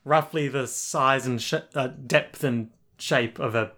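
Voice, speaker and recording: A man's voice: mid-range voice, steady tone, a little slow, pushed and bright. Playful man recapping a show. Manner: playful, narrates scenes with jokes. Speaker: podcast co-host. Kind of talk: casual chat recapping an anime episode.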